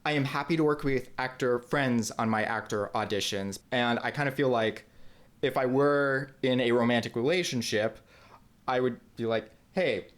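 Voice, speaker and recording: A man hosting a casual interview over a video call, talking in a halting way with many restarts. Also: mid-range voice. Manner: hesitant, with fillers and restarts. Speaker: interviewer, host.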